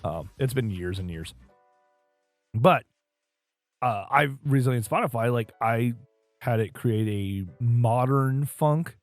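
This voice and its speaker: A man's voice: mid-range voice, expressive, slow pace, pauses often, no room sound, soft background music. A man co-hosting a casual podcast, chatting in a rambling way full of fillers and asides. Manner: rambling, filler-heavy, laughs at own asides. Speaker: podcast co-host. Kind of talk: casual chat.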